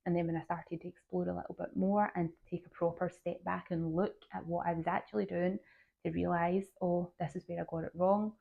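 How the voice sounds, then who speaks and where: Gravelly-voiced woman podcaster, phone-tinny. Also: fairly low pitch. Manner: earnest, encouraging, direct to listeners. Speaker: podcast host and health coach. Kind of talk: solo podcast talk.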